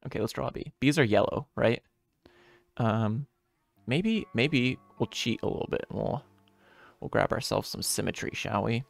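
An upbeat male streamer chats casually with his viewers and greets each one warmly by name. His mid-pitched voice carries a gravelly fry, and faint lo-fi music plays behind him. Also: normal speed, dry recording. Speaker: streamer and game developer.

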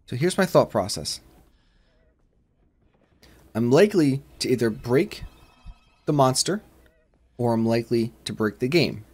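A man hosting a let's-play of a horror game, rambling along and shouting whenever he is startled. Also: mid-range voice, animated, measured pace, long pauses, slightly rough. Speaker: gaming channel host.

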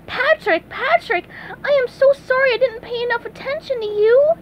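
A woman's voice: very high-pitched, normal speed, highs cut off, slight background noise, voice pushed up. A woman voicing a cheerful, eager male cartoon sea sponge in a storybook reading, with a bubbly, gushing manner.

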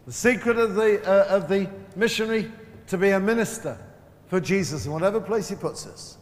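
A man preaching a sermon at a Christian conference, emphatic and slowing down to stress key words. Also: high-pitched. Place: large hall at a Christian conference. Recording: live sermon with long hall reverb.

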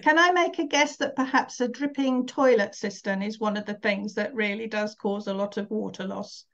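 A woman's voice: mid-range voice, normal speed, a bit bright. A woman hosting a property interview, asking questions and giving brief encouraging replies. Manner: brief encouraging responses and laughter. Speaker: interviewer host. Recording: slightly dull lo-fi sound.

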